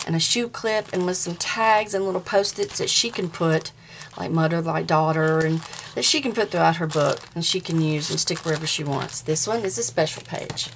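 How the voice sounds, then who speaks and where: Gravelly Southern woman, chatty. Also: deep voice, moderate pace, a little hiss or hum. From American South. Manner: chatty and rambling, talks straight to viewers. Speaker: crafter showing her handmade journal. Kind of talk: casual show-and-tell vlog.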